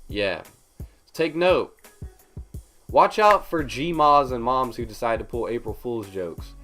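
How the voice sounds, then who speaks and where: Young guy vlogger, mid-pitch, lively storytime rant, faint music behind. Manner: animated, emphatic retelling with lots of fillers. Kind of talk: storytime vlog.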